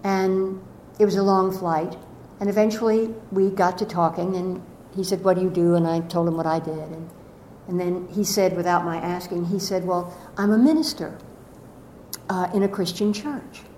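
Gentle older woman, echoey room. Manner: slow, gentle, softly trailing off. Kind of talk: reflective spoken storytelling. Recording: echoey room with faint rumble.

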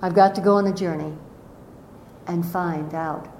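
An older woman telling a reflective spiritual story slowly and gently, her voice often trailing off softly. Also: fairly even intonation. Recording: echoey room with faint rumble.

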